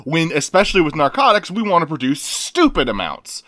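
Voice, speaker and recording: A man casually riffing with friends over a movie, jokey and animated, swinging up high for bits. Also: brisk.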